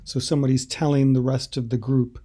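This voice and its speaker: A man teaching a language by explaining a translation, unhurried and explanatory, with hesitant fillers. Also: mid-range voice, flat delivery, dark tone, slightly rough.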